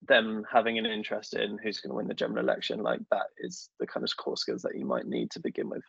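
Young man, casual self-deprecating storyteller, lowish husky voice. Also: big pitch swings, fast, a bit bright, no echo. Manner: chatty, self-deprecating storyteller with many fillers. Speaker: podcast guest, government affairs professional. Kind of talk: casual conversational interview. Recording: dull dry lo-fi sound.

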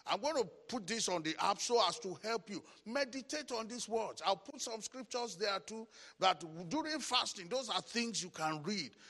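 A man's voice: high-pitched, animated, normal speed, few pauses, long reverb tail. A man preaching a sermon, calling out titles and leading the congregation in repeated declarations. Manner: chanting call-and-response, shouted declarations. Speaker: pastor.

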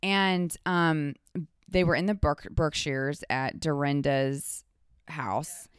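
A woman who is a podcast guest, telling stories in a rambling, animated casual chat full of restarts and asides. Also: low-pitched, slow, clear, resonant tone, no echo, studio quality.

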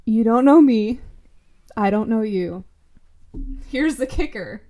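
A woman's voice: fairly high pitch, expressive, takes it slowly, dark tone. A woman chatting casually as a podcast co-host, telling a story with lots of laughter and swearing. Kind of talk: casual chat.

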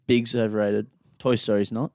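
A man's voice: fairly low pitch, flat delivery, moderate pace, a little mellow, no room sound, studio quality. A man with an Australian accent, bluntly telling stories and giving opinions on a casual podcast, swearing freely. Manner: blunt, swears freely, mimics people in anecdotes. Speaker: podcast co-host. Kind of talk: casual podcast banter and storytelling.

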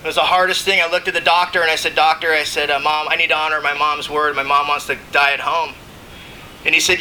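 A man's voice: on the high side, little pitch movement, fast talker, sharp tone, a little hiss or hum, low-quality recording. A man telling his recovery story to a recovery meeting, casual and emotional, often saying "you know what I mean" and laughing between lines. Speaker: recovering alcoholic speaker. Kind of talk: AA share, speaking to a meeting.

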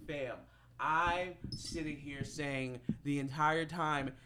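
Slangy, animated young male podcast host. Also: fairly high pitch, slow, smooth. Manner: animated and slangy, swears freely, gets loud when outraged. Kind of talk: casual storytelling chat.

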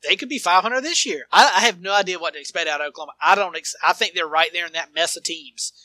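A man co-hosting a casual sports podcast, animated and quick to laugh, sometimes slipping into a broadcaster-style call. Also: high voice, no room sound. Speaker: podcast co-host.

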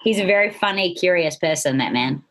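A woman's voice: on the low side, lively intonation, brisk, a bit bright. A woman in her thirties with a New Zealand accent, chatting as a podcast guest, laughing often and speaking with lots of animation. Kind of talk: casual interview chat.

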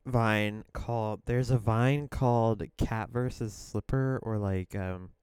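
A man's voice: fairly low pitch, steady tone, slow, a little mellow, smooth, no room sound, studio quality. A man co-hosting a casual hangout podcast, rambling with lots of "like" and restarts and laughing often. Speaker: podcast co-host. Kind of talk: casual chat.

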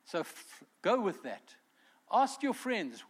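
Brief: male pastor, earnest preacher, voice sits a bit high. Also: big pitch swings, slow pace, slightly rough. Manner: earnest preaching with acted-out quotes. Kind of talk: sermon.

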